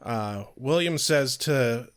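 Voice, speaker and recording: Excitable, animated male co-host. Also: mid-range voice, slow pace, clean tone. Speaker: podcast co-host. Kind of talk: casual chat.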